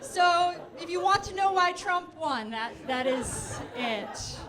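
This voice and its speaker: A woman doing a stand-up comedy set in a club, chatting quickly with the crowd in quick asides. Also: extremely high pitch, expressive. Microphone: handheld stage mic. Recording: noisy live club recording.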